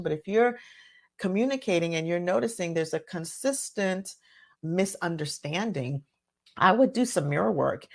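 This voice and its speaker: A woman host giving a solo teaching talk, earnest and conversational, often checking in with her listeners. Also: low-pitched. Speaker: podcast host and physician.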